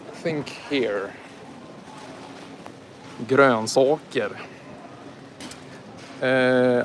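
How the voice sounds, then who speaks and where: A man's voice: mid-range voice, a little hiss or hum. Chatty man live-streaming on a phone. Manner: chatty, joking, talks to viewers while driving and shopping. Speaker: livestreamer. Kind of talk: casual live-stream chat. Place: car, then inside a large grocery store. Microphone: phone held in hand.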